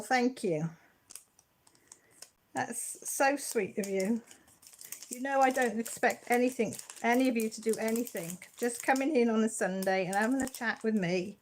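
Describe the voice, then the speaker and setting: A woman chats casually on a live stream from her craft table at home. Her voice sits a little high, and she talks in a chatty, warm-hearted way that is emotional and close to tears. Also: slight background noise. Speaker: craft channel host.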